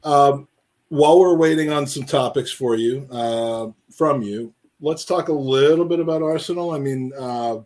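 A man's voice: mid-range voice, unhurried, a little mellow. A man co-hosting a casual football podcast, rambling and joking as he reads out names from the live chat. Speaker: podcast co-host.

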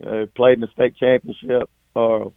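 Gravelly coach on a phone line. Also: male voice, mid-range voice, flat delivery, dry recording. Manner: halting, many fillers and restarts. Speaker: high school football coach. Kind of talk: postgame phone interview. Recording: tinny, dry phone line.

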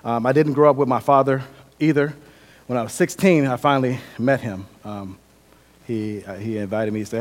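Young guy preaching, telling his own story, earnest, gets loud then goes quiet. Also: medium pitch, steady tone, normal speed. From Milwaukee, Wisconsin. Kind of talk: sermon with personal testimony.

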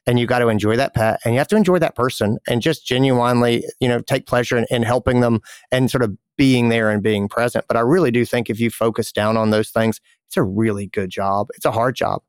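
Man, podcast host, easygoing, repeats words, medium pitch, dry close mic. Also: steady tone, a little fast, few pauses, clean tone, dry recording. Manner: easygoing, repeats words when starting a thought. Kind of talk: conversational interview and ad read.

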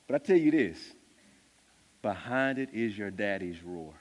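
A man preaching a sermon, with animated, emphatic delivery that builds to loud peaks. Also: lowish voice, measured pace. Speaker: pastor. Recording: long reverb of a large hall.

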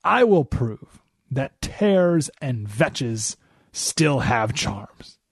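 A man voicing an excited male country mouse in a retold fable, gushing as his voice climbs high. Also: extremely slow, breathy edge, dry recording, clean studio sound, exaggerated voice. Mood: firm.

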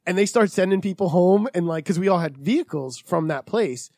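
A man's voice: high voice, fairly quick, no echo, studio quality. A man in his thirties casually telling a work story to friends, swearing a lot and acting out the people in it. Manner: swears often, animated storytelling with quoted voices. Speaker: podcast host.

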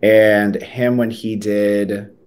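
A man's voice: fairly low pitch, little pitch movement, very slow, darkish tone, smooth. A young man co-hosting a podcast in casual chat, rambling with many fillers and restarts. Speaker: podcast co-host.

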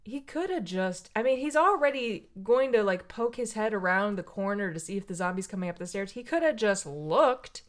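A woman in casual chat, mocking a children's book with gleeful, animated commentary. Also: mid-range voice, moderate pace, few pauses.

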